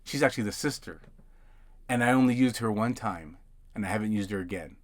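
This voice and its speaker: A man's voice: lowish voice, brisk. A man hosting a podcast, telling work stories in a loose, rambling way from inside a parked van. He stumbles over and repeats his words, and he slips into other people's lines as he recounts them. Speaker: podcast host and notary. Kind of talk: casual storytelling monologue.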